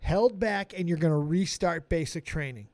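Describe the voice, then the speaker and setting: A tough female drill sergeant fires off questions in a barking, high, strained voice, as a man puts her on. The voice is dry and close, and it rises in anger. She sounds furious and gives no ground. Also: normal speed, no echo, lightly acted. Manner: barking interrogation.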